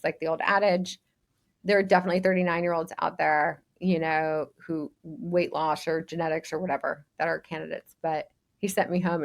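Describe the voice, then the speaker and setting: A woman in her forties, a guest on a skincare interview show, telling animated stories full of "like". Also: lowish voice. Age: 40s. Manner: animated storyteller, heavy use of "like". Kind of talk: casual interview chat.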